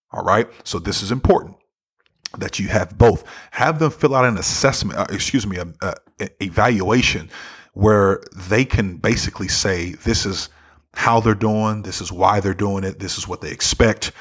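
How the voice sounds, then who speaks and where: A man with a low, slightly rough voice gives a motivational talk on leadership. He speaks earnestly and conversationally, frequently checking in with his listeners by asking "right?"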